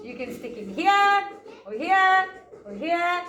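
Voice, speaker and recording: A woman, a teacher telling a fairy tale to young children and guiding a craft, in a gentle sing-song voice that stretches words out. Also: extremely high pitch, very animated, slow, roomy sound, faint music behind. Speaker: preschool teacher. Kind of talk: storytelling and craft lesson for children.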